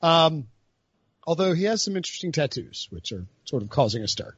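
A man's voice: on the high side, big pitch swings, a little fast, fairly bright tone, slightly rough, dry recording, muffled recording. A man hosting a sports podcast, moving the show along with a teasing tone. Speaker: podcast host. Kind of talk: casual sports podcast chat.

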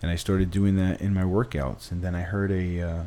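A man's voice: sits low, level tone, moderate pace, dark tone, slight background noise. A man, a trainer and gym owner, telling a long story in conversation, with restarts and acted quotes.

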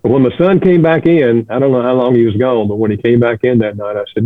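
An older man, a guest counselor, telling a personal story in an earnest, gentle way. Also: medium pitch, fairly even intonation, fast talker, dry recording. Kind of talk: reflective storytelling. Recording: dry, phone-like line.

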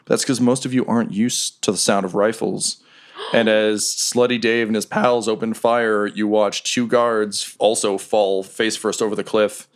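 A man's voice: lowish voice, level tone, moderate pace. A man narrating a tabletop game as game master, loose and casual with many fillers.

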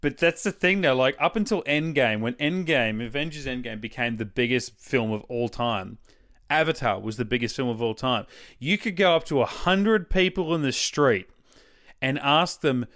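Aussie guy on a podcast, rambles and swears a lot, casual mid-pitched voice. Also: normal speed. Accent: Australian. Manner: swears freely, rambling and animated. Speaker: podcast co-host. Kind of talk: casual chat.

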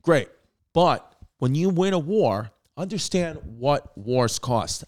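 A man's voice: a little high, big pitch swings, takes it slowly, a little mellow. A man hosting a comedic history show, brash and profane, rambling through jokes and asides. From Brooklyn, New York.

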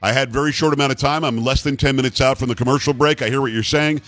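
A man's voice: mid-range voice, fairly even intonation, quick pace, fairly bright tone. A male talk radio host, blunt and opinionated, reading ads and taking calls with self-mocking jokes. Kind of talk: talk radio and live ad reads.

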